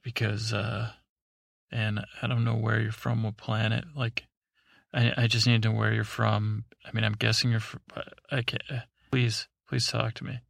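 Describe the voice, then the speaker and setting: A man voicing a mellow, mumbling superhero in a sleepy bedtime story. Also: flat delivery, normal speed, creaky, no echo, clean studio sound. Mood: flat. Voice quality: mumbling, low-key.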